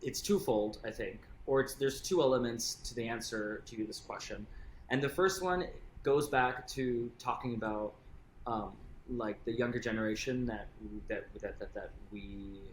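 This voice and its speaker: A man answering an interview question in a measured, thoughtful way with some hesitant restarts. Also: medium pitch. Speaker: guest. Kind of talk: reflective answer in conversation. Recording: echoey room, faint ambient noise.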